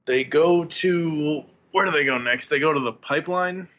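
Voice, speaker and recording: A man's voice: fairly high pitch, normal speed, a bit bright. Easygoing man teasing his co-host. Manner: easygoing, teasing, laughs often. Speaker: podcast co-host. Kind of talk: casual movie-review chat.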